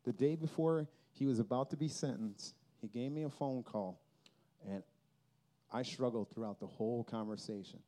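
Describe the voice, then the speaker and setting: A man speaks at a Christian youth festival, sharing a personal testimony in an earnest, heartfelt way. His voice is warm and mellow, sitting at an ordinary middle pitch. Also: moderate pace. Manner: earnest, emotional storytelling.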